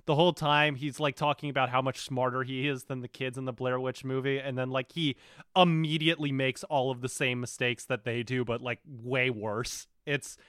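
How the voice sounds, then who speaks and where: A podcast co-host chats loosely while reviewing a show, laughing and swearing freely. His mid-range voice is clear, resonant and fairly bright, with fairly even intonation at normal speed, captured dry in a clean studio.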